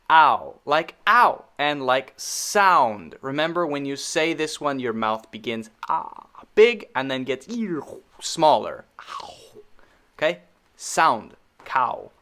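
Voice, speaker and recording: Slow, animated American male pronunciation teacher. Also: mid-range voice. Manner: drawn-out drilled vowel sounds, repeated slowly. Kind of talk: pronunciation lesson.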